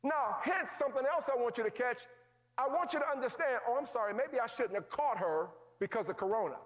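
A man preaching a sermon as pastor, calling out to his congregation, swinging from shouts to hushed low tones. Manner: calls out to the congregation, folksy phrasing.

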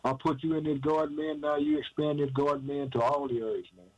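A man's voice: on the high side, steady tone, a little fast, darkish tone, rough recording. A man preaching an informal sermon, asking and answering his own questions in an emphatic, repetitive cadence and often calling the listener "man".

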